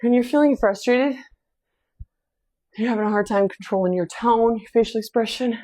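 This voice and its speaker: A woman's voice: on the high side, moderate pace, mellow. A woman hosting a home workout, counting reps aloud and chatting about faith between sets, sighing and a little out of breath as she exercises. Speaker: fitness instructor and host. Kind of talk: casual workout coaching with faith reflections.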